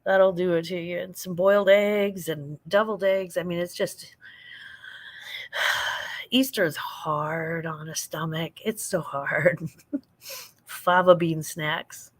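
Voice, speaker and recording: A woman's voice: on the low side, slow pace. Rambling, chatty middle-aged woman on a late-night livestream. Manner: rambling and chatty, laughs often, many fillers. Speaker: livestream host. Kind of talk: late-night livestream chat, reading viewer comments.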